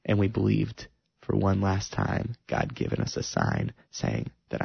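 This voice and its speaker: A man's voice: fairly low pitch, very animated, measured pace, creaky, slightly rough, no room sound, muffled recording. A man sharing an earnest, emotional personal testimony about faith and love.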